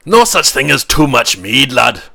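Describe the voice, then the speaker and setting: A man's voice: mid-range voice, very animated, unhurried, gravelly, bright, forceful tone, no echo, clean studio sound, full character voice. A man voicing a hearty, mead-loving male warrior in a tabletop game, talking in a jovial, boisterous way.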